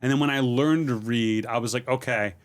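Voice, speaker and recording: A man's voice: medium pitch, fairly quick. A middle-aged man, a comedian, chatting casually as a podcast guest and telling stories in a loose, rambling way. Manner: relaxed, rambling storytelling with many fillers.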